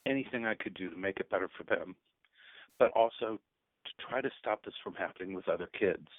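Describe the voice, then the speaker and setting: A man's voice: low voice, dry recording. A man in his fifties, a teacher and guest on a radio show, speaking earnestly and at times choked up. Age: 50s. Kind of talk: emotional radio interview. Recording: tinny phone line.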